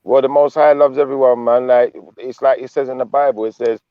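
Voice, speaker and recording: A man's voice: medium pitch, steady tone, fairly quick, clear, resonant tone, dry recording, dull audio. A man hosting a live panel stream, chatty and joking, drifting into talk about the Bible. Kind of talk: casual panel chat.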